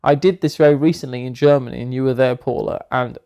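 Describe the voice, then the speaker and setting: Irreverent joking podcast co-host. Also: male voice, medium pitch, fairly even intonation, fast, dark tone, smooth. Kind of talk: comic banter on a history podcast.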